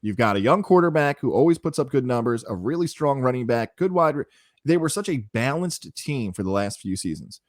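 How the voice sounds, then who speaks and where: A man's voice: mid-range voice, lively intonation, fairly quick, no room sound, clean studio sound. A man co-hosting a sports podcast, talking through team predictions with opinions and the odd mock quote. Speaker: podcast co-host. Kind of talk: casual sports chat and analysis.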